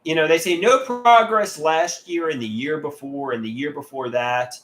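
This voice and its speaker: A man's voice: a little high, normal speed, a bit bright. A man doing a casual livestream, sharing artwork and reading viewer comments aloud in a candid, plain way.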